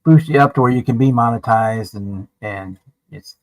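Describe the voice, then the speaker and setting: A man's voice: mid-range voice, normal speed, dry recording, rough recording. A man talking casually on a livestream, explaining things at length with frequent restarts.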